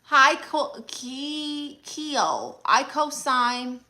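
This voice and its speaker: A woman playing a brash, sassy aunt who hosts a livestream, reading viewer comments with deadpan scolding. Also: high-pitched, drawn-out words, heavily acted. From Brooklyn, New York. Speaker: comedic livestream host character. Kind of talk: mockumentary livestream comedy.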